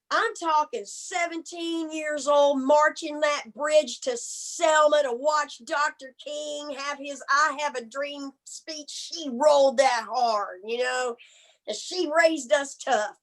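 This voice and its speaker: A woman's voice: high voice, slow, rough recording. A woman doing bawdy stand-up comedy in a brassy, folksy manner, drawing out her punchlines. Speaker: stand-up comic. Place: comedy stage.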